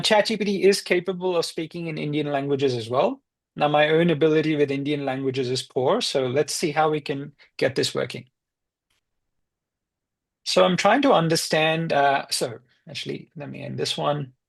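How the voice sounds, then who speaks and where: A man leading a live online software demo on a video call, explaining each step in turn. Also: on the high side, normal speed, creaky. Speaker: trainer.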